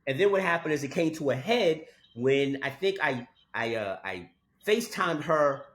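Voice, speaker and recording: A man's voice: on the high side, lively intonation, normal speed, a bit bright. A man co-hosting a podcast in casual chat, telling a story with emphatic "okay?" asides. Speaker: podcast co-host.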